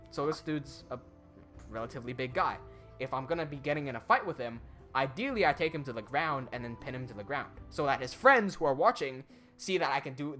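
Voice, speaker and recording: Pria muda bercerita dengan sangat ekspresif. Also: male voice, on the high side. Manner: animated storytelling, swearing, quick asides. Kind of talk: casual chat.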